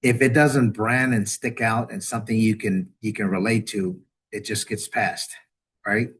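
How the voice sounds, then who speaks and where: A middle-aged man, director of veterans affairs at a university, speaks in a lowish, slightly rough voice at a measured pace as a guest on a video-call webinar. He rambles, restarts his sentences and repeats words in this conversational interview, turning animated when quoting.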